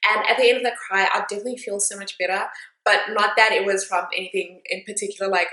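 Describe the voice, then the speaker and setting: A young woman talks to camera in a loose, candid vlog style, dropping plenty of fillers and side remarks. Her voice sits at an ordinary middle pitch for a woman. The room around her is noticeably echoey. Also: quick pace, sharp tone. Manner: chatty, candid, with frequent fillers and asides. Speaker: vlogger. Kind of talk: casual chat to camera.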